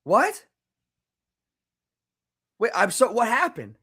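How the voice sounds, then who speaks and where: Frustrated fan ranting, high bright voice. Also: male voice, wildly swooping pitch, slow, slightly rough. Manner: swings from muttering to angry shouting, repeats words. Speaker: fan reaction streamer. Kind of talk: live game reaction.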